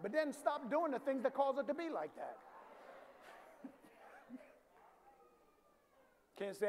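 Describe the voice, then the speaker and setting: A male pastor from the preaching a sermon in a large church, calling for responses and rising to shouts. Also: extremely high pitch, big pitch swings, unhurried, long pauses, a little hiss or hum. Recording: reverberant hall, faint ambience.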